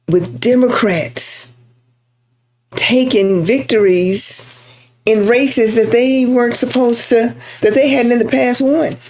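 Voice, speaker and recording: A woman's voice: mid-range voice, a little mellow. A woman from Texas with a Texan accent, talking politics to her viewers in a chatty, emphatic way and repeating points for emphasis. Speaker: political commentator. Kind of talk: casual political talk to camera.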